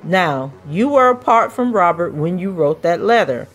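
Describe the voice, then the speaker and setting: A woman podcast host reading a trial transcript aloud, voicing the questioning in a measured, even way. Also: lowish voice, soft background music.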